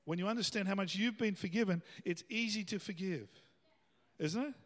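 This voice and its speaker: A man's voice: high-pitched, a little fast, in a large hall. A man preaching a sermon as pastor in a church, talking conversationally and rising into emphatic bursts. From Australia.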